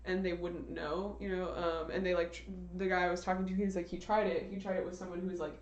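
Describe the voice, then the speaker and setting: A woman's voice: lowish voice, little pitch movement, fast, highs cut off. A young woman streamer chatting in a playful, rambling way full of slang and laughter, recorded in her bedroom. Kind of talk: casual rambling livestream chat. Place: bedroom with a large window. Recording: echoey room.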